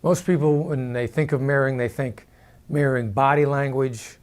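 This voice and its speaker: A former hostage negotiator giving a measured, explanatory talk to the camera and demonstrating vocal inflections as he goes. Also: mid-range voice.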